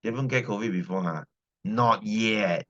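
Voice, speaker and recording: A Malaysian science teacher from Selangor chats loosely with his students, speaking Malaysian English. He repeats phrases and keeps asking "right?" in a lowish, fairly bright voice at a moderate pace. The lo-fi recording sounds dull.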